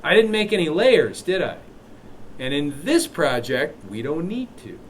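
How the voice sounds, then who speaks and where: A man teaching a live software class, walking students through steps with chatty, joking asides. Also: a little high, sing-song, measured pace, slight background noise. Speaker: instructor.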